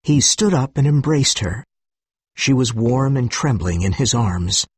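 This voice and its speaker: Husky male story narrator. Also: medium pitch, animated, unhurried, no echo. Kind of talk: scripted story narration for learners.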